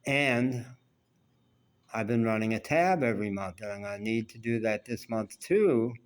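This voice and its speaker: A man's voice: on the low side, expressive, moderate pace, clean tone. A man vlogging, telling a personal story in a rambling, candid, self-reflective way.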